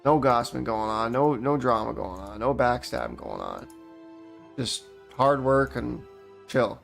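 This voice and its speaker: A man's voice: medium pitch, big pitch swings, a little slow, gravelly, fairly bright tone, faint music behind. A young man from Canada rambling through a profane, heated story while gaming, often restarting his sentences. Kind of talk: casual rant while gaming.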